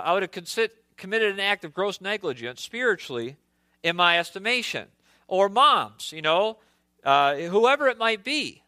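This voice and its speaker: A man's voice: sits high, pushed and bright, dry recording. A middle-aged male pastor preaching a sermon earnestly, often restarting and repeating his phrases.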